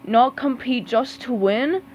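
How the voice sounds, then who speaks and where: A woman's voice: a little high, takes it slowly, darkish tone, muffled recording, a little hiss or hum. A woman reading a storybook aloud, voicing a grumpy, demanding male squid coach who barks orders. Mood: gloomy. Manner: bossy, barking orders.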